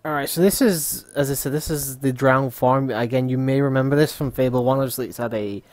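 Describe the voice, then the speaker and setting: A man's voice: mid-range voice, steady tone, brisk, a little mellow, dry recording. A man hosting a gaming livestream, casually explaining the game and swearing freely. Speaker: livestream host playing a game.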